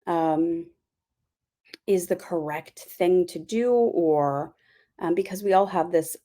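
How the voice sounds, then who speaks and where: A woman's voice: on the low side, takes it slowly, mellow. A woman giving a casual spiritual talk as host of her channel, rambling with many fillers and apologies.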